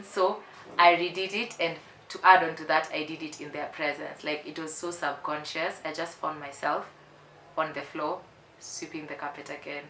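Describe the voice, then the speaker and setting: Young woman in her twenties, candid vlogger; low pitch, bright tone, roomy echoey sound. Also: normal speed, a little hiss or hum. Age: 20s. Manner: candid and emphatic, repeats herself for effect. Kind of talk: casual confessional vlog. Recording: roomy echo.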